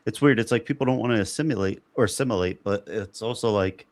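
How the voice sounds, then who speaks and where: Male podcast host, rambly storyteller, low voice, dry close sound. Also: quick pace, a little mellow, no echo. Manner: rambling, laughs often. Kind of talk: casual roundtable chat.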